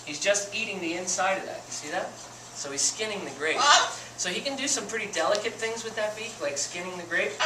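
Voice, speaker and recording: A man who keeps animals, giving a chatty, animated educational talk to a group and laughing often. He is recorded from a distance with loud surroundings behind him. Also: fairly high pitch, noisy background. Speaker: animal keeper. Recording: echoey and distant with loud ambience.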